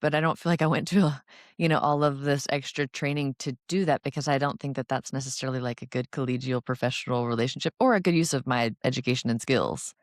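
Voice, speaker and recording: A woman's voice: a bass voice, fairly even intonation, fast, dry recording, studio quality. A woman co-hosting a casual professional podcast chat as an oral surgeon, talking freely and acting out quotes from patients and colleagues.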